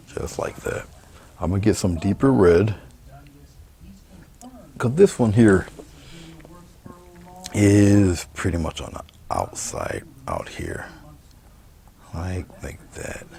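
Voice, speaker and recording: Low, slow gravelly man teaching painting. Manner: relaxed, murmured step-by-step commentary while painting. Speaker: painting instructor. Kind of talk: painting demonstration.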